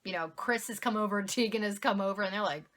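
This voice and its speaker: A woman's voice: medium pitch, fast, a bit bright. A young woman vlogger telling a story to camera in a casual way, laughing often and poking fun at herself.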